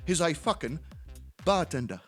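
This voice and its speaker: A man voicing a blunt, hard-drinking male neighbor who swears in every sentence, in a gruff voice. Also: on the high side, very animated, moderate pace, faint music behind, pitched below the performer's own voice.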